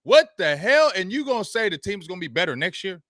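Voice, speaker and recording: Male host, heated mocking sports rant, bright forceful tone, close dry mic. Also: high-pitched, very animated, brisk, dry recording. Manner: heated, mocking, barking dog noises, slangy. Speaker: show host.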